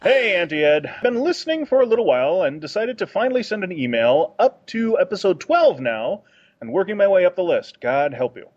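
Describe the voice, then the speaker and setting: A husky-voiced man co-hosting a casual gaming podcast, reading a fan email with enthusiasm and self-deprecating remarks. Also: high voice, big pitch swings, fairly quick, a little mellow, no echo. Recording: dull lo-fi dry podcast mic.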